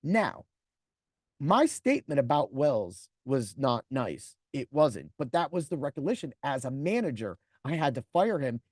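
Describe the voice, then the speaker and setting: Guy in his 40s on a podcast, telling a story, swears a lot, pitch jumps all over, dry close sound. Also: unhurried, dry recording. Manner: animated and profane, acting out other people's lines in a raised voice. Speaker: podcast host. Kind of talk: personal storytelling monologue.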